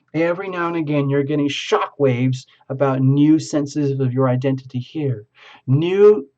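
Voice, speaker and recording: A man's voice: a little high, darkish tone, muffled recording. Rambling man giving a tarot reading. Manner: rambling, halting, effusive. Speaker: tarot reader.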